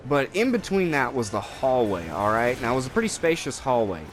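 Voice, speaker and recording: Young guy rambling through a story while gaming, swears constantly, pitch jumps all over, bit of noise behind. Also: fairly quick. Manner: profane, rambling, animated storytelling with raised voices for quotes. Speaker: co-host of a gaming video.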